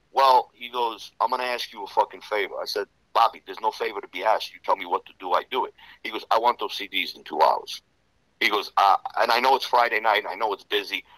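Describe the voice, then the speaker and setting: A man telling rough stories in a casual interview, profane and rambling, full of "you know". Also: on the low side, bright, forceful tone, dry recording, poor audio. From Serbian Romanian background. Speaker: interview guest.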